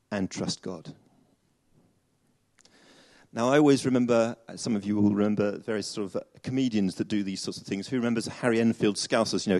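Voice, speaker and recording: A man's voice: on the low side, darkish tone. A man preaching a chatty sermon to a congregation, with many fillers and restarts.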